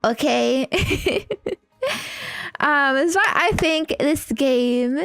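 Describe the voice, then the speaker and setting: A high-pitched woman chats with her stream audience in a giggly, teasing way. She speaks at an unhurried pace, with faint music playing underneath. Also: a bit bright, no echo. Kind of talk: casual live-stream chat.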